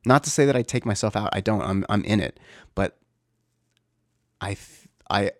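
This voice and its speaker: A man's voice: lowish voice, moderate pace, dry recording, clean studio sound. A man in his thirties, a father talking in a casual, reflective way, rambling with many fillers and restarts. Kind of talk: casual personal talk.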